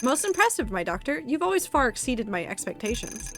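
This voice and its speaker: A woman's voice: on the high side, very animated, fairly quick. A woman voicing a mentor who showers a doctor with theatrical praise, reading game dialogue aloud. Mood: gushing. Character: gushing, proud mentor of a doctor.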